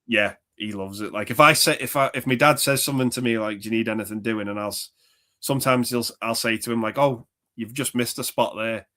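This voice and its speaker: A man's voice: medium pitch, a little fast, sharp tone. A man co-hosting a casual film chat, rambling, quoting movie lines and laughing often. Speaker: podcast co-host.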